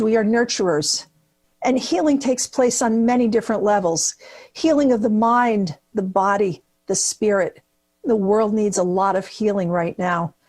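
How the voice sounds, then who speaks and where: A woman's voice: medium pitch, darkish tone. A woman from New Jersey, a nurse, giving a prepared speech at an awards event with punchy comic asides, recorded on a webcam. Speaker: keynote speaker at nursing awards.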